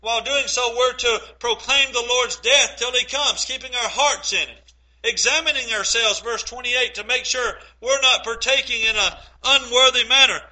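A man's voice: very high voice, moderate pace, pushed and bright, rough recording. A middle-aged man preaching a sermon, earnest and emphatic, with rhetorical questions to the congregation.

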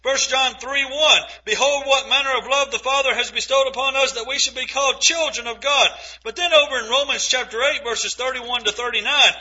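A man preaching a sermon, reading scripture aloud and stressing key phrases slowly and earnestly. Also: very high-pitched, pushed and bright. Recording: dull lo-fi recording.

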